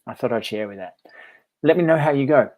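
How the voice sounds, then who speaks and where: A man with a middle-pitched voice, talking casually to camera as a meditation teacher. He tells a parable in a friendly, reflective way, chuckling often and restarting his phrases. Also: lively intonation, fairly quick, a little mellow. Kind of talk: casual storytelling vlog.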